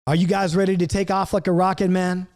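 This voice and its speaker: A middle-aged man leads a recorded Bible study lesson in an earnest, coaching manner, driving his points home through repetition. His voice sits noticeably high for a man. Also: flat delivery, fast talker, darkish tone.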